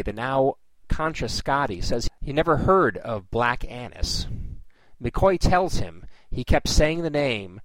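A man's voice: mid-range voice, dry recording, rough recording. Man recapping a plot, dry sound. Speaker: episode recap host. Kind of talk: scripted plot recap with casual asides.

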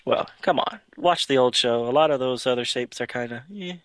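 A man's voice: medium pitch, fairly even intonation, a little fast, fairly bright tone. A man co-hosting a podcast, chatting casually and rambling through a comic recap with many fillers and restarts. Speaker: podcast co-host.

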